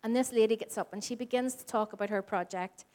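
This woman talks fast in a slightly high voice, giving an informal sermon to a congregation gathered in a church hall. A church speaker in her forties with a Northern Ireland background, she tells animated stories and voices the quoted dialogue herself.

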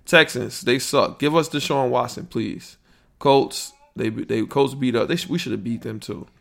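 Man, podcast host, casual sports talk, slangy, blunt, animated, medium pitch. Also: moderate pace, vocal fry.

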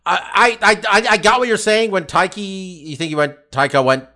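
A man chatting casually on a podcast, talking in an animated way and swearing freely. His voice sits a little high and sounds bright. His pitch moves around a lot, rising and falling constantly. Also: moderate pace. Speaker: podcast co-host. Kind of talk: casual chat.

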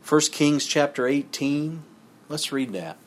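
A man's voice: on the high side, animated, slow pace. Man preaching from scripture. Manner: reads passages aloud, then comments in conversational asides. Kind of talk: sermon with scripture reading.

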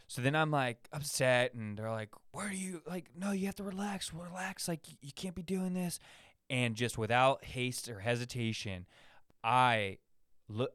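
A man's voice: medium pitch, fairly bright tone, clear, resonant tone, no room sound, clean studio sound. A young man hosting a podcast from his room, rambling casually in a laid-back, slangy way with lots of fillers and restarts. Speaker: podcast host. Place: his own room at home.

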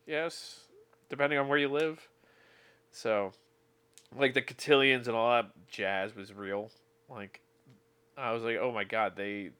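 A man chatting casually as a podcast co-host, animated when he quotes people. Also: lowish voice. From California. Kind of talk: casual chat.

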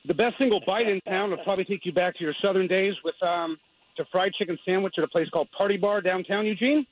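A man's voice: high voice, quick pace, dry recording, poor audio. A man calling in to a radio show, giving local tips in a joking, playful way. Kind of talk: casual radio call-in.

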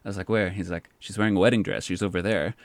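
A man who works as a park poet, telling stories in a casual, animated way and filling his speech with "like". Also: deep voice, quick pace, no echo. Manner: animated, says "like" often. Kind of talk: casual storytelling.

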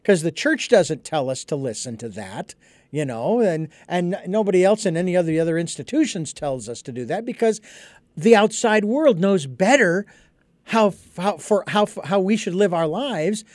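A middle-aged male host with a rather high voice speaks in an unhurried, thoughtful way, pausing often on small fillers. The recording is close and dry, with no room sound. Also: lively intonation, a little mellow, dry recording. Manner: thoughtful, hesitant, many uh fillers. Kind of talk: casual conversation.

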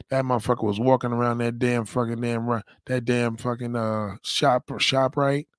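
A man rants on his livestream, loud and rambling, circling back to the same catchphrases. His voice sits at an ordinary middle pitch. The sound is dry and close, with no room echo. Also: fairly even intonation, fairly quick, few pauses. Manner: loud, rambling, repeats catchphrases, heavy swearing. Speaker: livestream host. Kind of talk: profane livestream rant.

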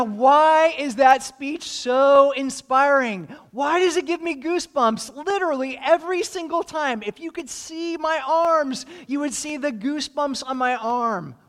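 A man's voice: very high voice, a bit bright, big-room sound. A man preaching a sermon as pastor, joking dryly in asides and then stacking earnest rhetorical questions.

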